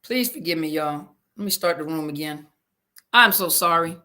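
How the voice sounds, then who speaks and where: A woman therapist chats live with her listeners, reading their comments aloud and answering them. Her voice is bright and forward, and she keeps apologizing to everyone in a flustered, homey way after technical slips. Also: low voice, animated, moderate pace. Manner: apologetic, flustered, Southern-flavored casual speech. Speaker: therapist hosting a live audio room. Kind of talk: casual live-stream chat, reading comments.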